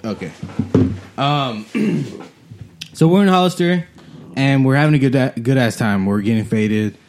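A young man from Watsonville, California, casually telling a profane, animated story about a party fight, often laughing. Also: mid-range voice, unhurried, background noise.

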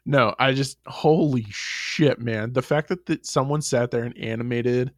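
Brief: male podcast co-host, mid pitch, blunt and profane, dry close sound. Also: a little slow, dry recording. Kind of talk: casual chat.

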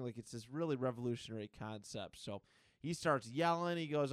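A man co-hosting a podcast, recapping a comic book in a rambling, excited casual chat. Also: mid-range voice, a little fast, no room sound. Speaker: podcast co-host.

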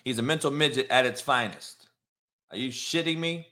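A man's voice: mid-range voice, moderate pace, bright, forceful tone. A middle-aged man and former coach hosting a show, ranting in a brash, profane way and mocking commenters. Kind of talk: profane live-stream rant.

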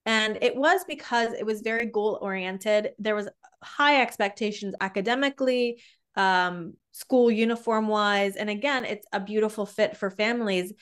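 A woman guest tells stories in a casual conversation, laughing easily along the way. Her voice is smooth and resonant at a middle pitch. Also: normal speed, a bit bright. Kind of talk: casual chat.

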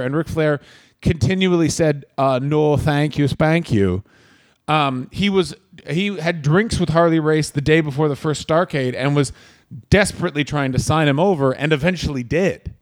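A man's voice: on the high side, moderate pace. A man who does stand-up, co-hosting a casual podcast and telling crude, rambling stories. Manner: chatty, crude, rambling storyteller. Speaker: podcast co-host, stand-up comedian.

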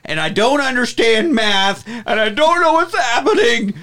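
A worn-out middle-aged superhero dad, shrill and close to tears, as a man acts him out. The voice jumps well above his usual pitch and stays smooth and clear. The pitch strains upward as the exasperation builds. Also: animated, a little slow, sharp tone, exaggerated voice. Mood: frantic.

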